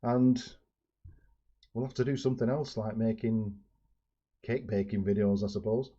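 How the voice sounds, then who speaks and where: A man's voice: lowish voice, steady tone, moderate pace, mellow, breathy edge. A man from the UK, introducing a video in a chatty way on his channel. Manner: chatty, with fillers. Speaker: YouTube channel host. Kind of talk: casual vlog introduction. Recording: dull lo-fi sound.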